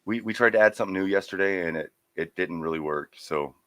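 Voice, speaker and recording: This is a man with a deep voice co-hosting a relaxed livestream over a video call. He teases his partner, then turns plain and businesslike when he sets out rules. His sound is dry, with no room around it. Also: fast, dry recording. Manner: teasing, businesslike about rules. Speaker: co-host. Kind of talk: casual livestream chat.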